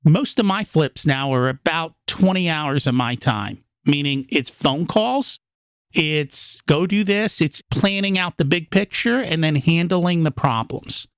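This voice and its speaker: A man's voice: fairly high pitch, lively intonation, measured pace, dry recording, clean studio sound. A man, a podcast guest, explaining in practical, emphatic terms, acting out inner dialogue. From immigrated to the United States as a child. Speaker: podcast guest, real estate investor. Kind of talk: conversational interview explanation.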